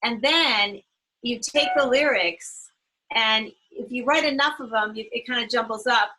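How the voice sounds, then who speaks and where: A woman's voice: on the high side, a little slow, sharp tone, slight background noise, poor audio. A woman panelist on a video call webinar sharing songwriting tips in a chatty, rambling way, often restarting her sentences. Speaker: solo artist, panelist. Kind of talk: webinar talk.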